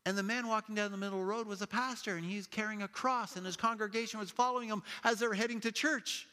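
A man preaching a sermon, telling stories in a lively way and acting out the people in them with playful voices. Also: high-pitched, fast talker. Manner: animated storytelling with playful quoted voices. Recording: long hall reverb.

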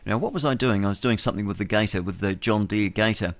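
A blunt, rambling male talk-radio host, chuckling to himself as he airs his opinions. His voice sits fairly low and sounds close and dry in a dead studio. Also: fast, no room sound. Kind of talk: opinionated solo radio monologue.

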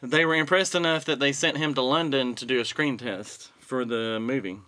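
A man recounting a story in an easygoing, conversational way. His voice sounds bright and forward, and he clears his throat now and then as he goes. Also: mid-range voice, normal speed. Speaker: podcast co-host telling a story. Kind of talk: casual chat.

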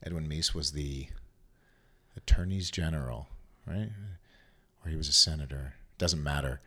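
A man's voice: very deep voice, moderate pace, bright, forceful tone. A man from the United States, a podcast guest, explaining history in a digressive, chatty way. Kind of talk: casual chat.

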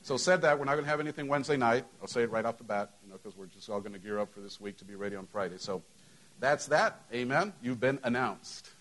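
Chatty middle-aged pastor. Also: male voice, mid-range voice, fast talker, fairly bright tone, rough recording. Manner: conversational, full of "you know" fillers. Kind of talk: church announcements and sermon opening. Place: church sanctuary.

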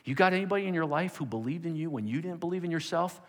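A man preaching with an emphatic sermon delivery, his voice sitting a little higher than most men's. He swings between forceful exhortation and hushed, quiet prayer. The sound carries a long reverb, as in a large hall. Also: animated, very fast. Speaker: pastor.

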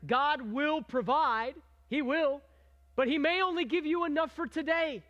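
A man's voice: very high-pitched, measured pace, sharp tone, highs cut off. A man preaching a sermon, reading scripture aloud and talking conversationally with his congregation, asking them questions and prompting them to join in. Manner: reads scripture aloud with rising emphasis. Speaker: pastor.

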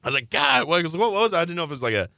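Bright-voiced man telling rambling stories. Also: fairly high pitch, big pitch swings, rapid-fire, vocal fry, no room sound, clean studio sound. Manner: rambling anecdotal storytelling with frequent laughs. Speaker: podcast co-host. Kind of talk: casual chat.

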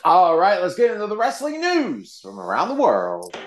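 Slow, lively high-voiced man. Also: roomy sound, over music, low-quality recording. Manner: jokey, loose, laughs while reading news. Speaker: podcast co-host reading news. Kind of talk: casual chat.

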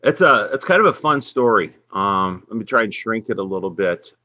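In this clip, a head women's basketball coach from Minnesota, a middle-aged man, recounts his faith journey as a podcast guest. He speaks at a normal pace in a lowish voice, captured without echo but with the high frequencies cut off. His storytelling is earnest and centered on faith, and he livens up when repeating what others said.

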